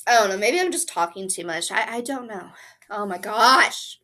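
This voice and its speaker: Bright-voiced sick woman chatting about books. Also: medium pitch, very animated, fairly quick. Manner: chatty, apologetic, with fillers. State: sick, coughing and sneezing. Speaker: book vlogger. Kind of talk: casual chat.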